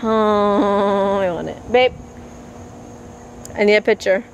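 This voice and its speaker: A woman's voice: mid-range voice, steady tone, takes it slowly, a little hiss or hum. A young woman talking casually to a handheld camera for her daily vlog, chatty and laughing often. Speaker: vlogger.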